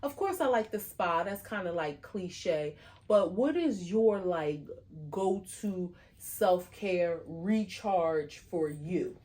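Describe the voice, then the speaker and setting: A woman co-hosting a podcast in casual chat, talking in a chatty, animated way with lots of fillers. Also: on the low side, slow. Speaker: podcast co-host.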